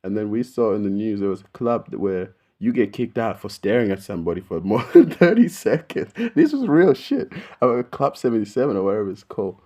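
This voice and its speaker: Dark-voiced Australian man telling stories. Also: on the low side, fast, few pauses. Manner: slangy, profane, rambling, animated storyteller. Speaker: video host. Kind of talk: casual storytelling to camera.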